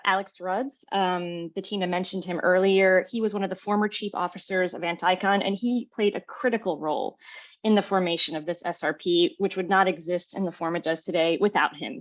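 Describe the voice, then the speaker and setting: Measured woman presenting over dull audio. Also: lowish voice. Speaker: marine biologist presenter. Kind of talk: online presentation.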